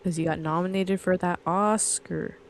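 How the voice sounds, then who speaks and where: On a casual movie podcast, a young adult co-host tells meandering stories and reads trivia out loud. Her pitch is fairly low, her tone steady, and her pace moderate, with a little hiss or hum in the recording.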